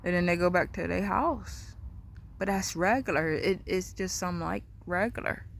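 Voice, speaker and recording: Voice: mid-range voice, moderate pace, vocal fry, a little hiss or hum. A vlogger talking in a casual, rambling, repetitive monologue outdoors in a backyard. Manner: rambling, repetitive, free-associating.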